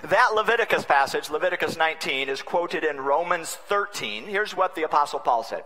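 A man preaching a sermon as a bishop, wry and humorous, swinging between loud and hushed delivery. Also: fairly high pitch, expressive, brisk. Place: large conference hall. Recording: long reverb of a large conference hall.

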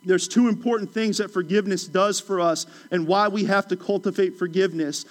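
Man, pastor, high voice, conversational sermon, repeats phrases for emphasis. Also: brisk, few pauses. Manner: animated, acts out playful voices of biblical figures.

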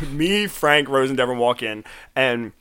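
A young man in casual banter, telling animated stories with a lot of swearing and laughter. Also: mid-range voice, takes it slowly. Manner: animated storytelling, heavy swearing, laughing often. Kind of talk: casual chat.

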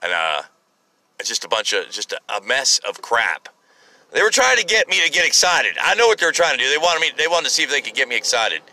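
A blunt man in his forties rambles through a solo podcast monologue, swearing freely and restarting his sentences. His voice is very bright and forceful, with a hard, sharp edge. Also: mid-range voice, very animated, brisk, poor audio. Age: 40s. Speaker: podcast host.

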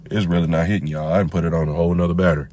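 A man hosting a podcast, talking in a profane, rambling, casual monologue full of drawn-out repetitions. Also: deep voice, steady tone, a little mellow. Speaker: podcast host.

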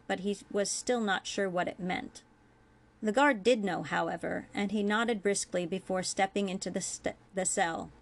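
Woman reading her story aloud. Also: mid-range voice. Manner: measured, earnest storytelling with small self-corrections. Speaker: author reading her own fan fiction. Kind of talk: audiobook-style reading.

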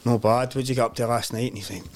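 A man with a Scottish accent, a podcast guest chatting casually and telling animated, sweary stories. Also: mid-range voice, quick pace. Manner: swears freely, animated storytelling. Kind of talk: casual chat.

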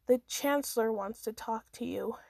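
A woman voicing a stern, sarcastic gray-haired art professor, speaking slowly and dryly in a storybook reading. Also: fairly high pitch, vocal fry, a little mellow, no echo.

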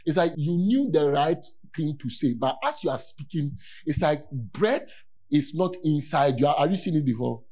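Animated male preacher, emphatic repetitions. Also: a little high, normal speed. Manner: animated, rises to near-shouts for emphasis, repeats key words. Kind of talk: sermon.

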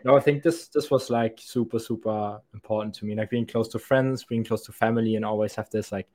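A man's voice: on the low side, steady tone, brisk, a little mellow. A young man with a thick German accent, a podcast guest chatting casually, often stammering and restarting his sentences. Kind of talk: casual chat.

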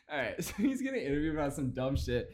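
A man's voice: fairly high pitch, darkish tone. A man hosting a comedy podcast, ranting and mocking with lots of swearing and laughter. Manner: profane, mocking, laughs a lot. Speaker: podcast host.

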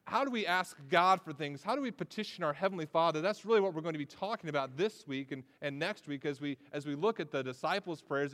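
A man's voice: fairly high pitch, fairly bright tone, big-room sound. A man in his thirties preaching a sermon as pastor, conversational and prone to repeating words as he starts a phrase.

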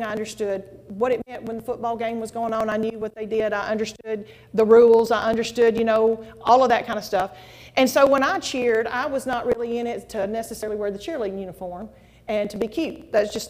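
A middle-aged woman giving a folksy, animated testimony to a church congregation. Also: fairly high pitch. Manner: folksy, animated storytelling, addresses audience as y'all. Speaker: guest speaker at church. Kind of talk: testimony sermon. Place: church sanctuary. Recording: long hall reverb.

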